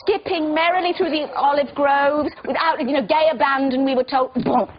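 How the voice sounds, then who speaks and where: An actress guesting on a chat show, telling stories in an animated, self-deprecating way. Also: female voice, high-pitched, normal speed, slight background noise. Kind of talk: casual chat show interview. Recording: muffled TV broadcast audio.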